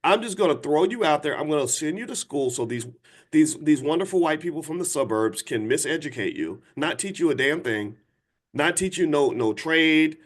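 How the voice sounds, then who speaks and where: A man in his fifties, host of a live-stream talk, who speaks to his viewers in an emphatic, preachy way and jumps up into a high mocking voice now and then. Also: expressive, normal speed. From United States.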